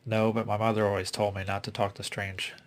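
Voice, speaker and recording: A man voicing a bland, teasing young man of nineteen in a read-aloud suspense story, with a low, flat delivery. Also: a little fast, lightly acted.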